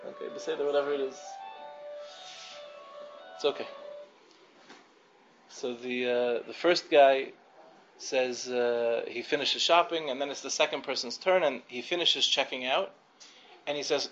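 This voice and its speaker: A man's voice: fairly high pitch, moderate pace, pauses often, faint music behind. A man teaching a class of girls, telling a story in a conversational way, with frequent fillers and restarts. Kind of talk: storytelling lecture. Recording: dull lo-fi recording with faint background noise.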